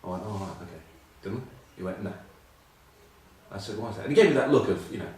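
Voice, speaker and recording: Middle-aged english bloke rambling on about rugby, lots of ums, lowish voice, sounds far off in a really echoey room. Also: male voice, expressive, fast, a little mellow, slight background noise. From England. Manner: rambling, self-mocking anecdotes with many ums. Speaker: rugby pundit. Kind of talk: casual chat.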